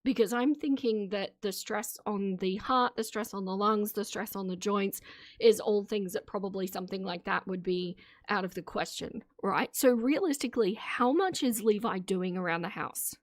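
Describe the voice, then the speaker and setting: A woman's voice: mid-range voice, moderate pace, no room sound, studio quality. A woman streamer giving casual, opinionated commentary to her live chat, laughing often between remarks. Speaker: streamer reacting to videos.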